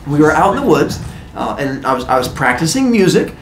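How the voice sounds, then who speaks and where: A man's voice: on the high side, sing-song, brisk, reverberant, a little hiss or hum, low-quality recording. A man doing a sheepish teenage Heracles, stammering. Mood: fumbling. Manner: stammering, fumbling excuses.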